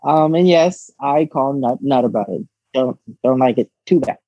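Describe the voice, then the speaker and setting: Husky, giggly young man. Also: mid-range voice, no room sound, lo-fi sound. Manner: giggly, frank, halting with many restarts. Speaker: interview guest. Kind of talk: candid casual interview.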